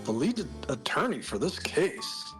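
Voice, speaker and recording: Guy voicing a polite young lawyer, formal, lively pitch, music under it. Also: measured pace. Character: polite young male defense attorney.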